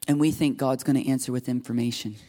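A man's voice: mid-range voice, fairly even intonation, quick pace, dark tone. Earnest male pastor preaching a sermon. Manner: earnest, confessional, acts out quoted prayers.

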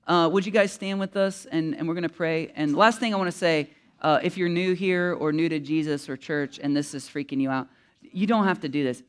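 A man's voice: a little high, fairly bright tone. A man as pastor, giving loose, conversational instructions from the front of a church service, with many fillers and restarts. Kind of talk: casual sermon instructions.

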